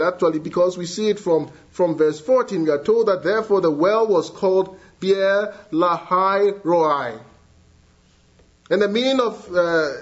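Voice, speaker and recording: A man preaching a sermon earnestly, moving between hushed lines and rising, emphatic appeals. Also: high voice, slightly rough. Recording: dull lo-fi sound.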